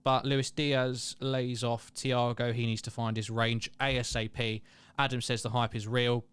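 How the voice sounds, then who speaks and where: A man's voice: medium pitch, level tone, a little slow, fairly bright tone, smooth, no echo. A young man hosting a live match watchalong, chatting casually, reading viewer comments and calling the play. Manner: chatty, self-deprecating, reads out viewer comments.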